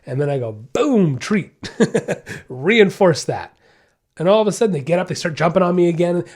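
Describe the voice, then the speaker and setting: A man's voice: high-pitched, brisk, darkish tone. Emphatic man with a darker tone. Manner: emphatic, repeats key points, conversational. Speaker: dog trainer and podcast host. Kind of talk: podcast advice answer.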